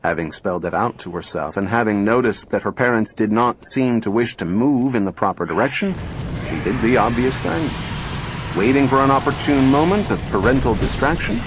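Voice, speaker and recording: A man narrating an audiobook in a calm, measured storytelling manner. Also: medium pitch, noisy background. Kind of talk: scripted narration.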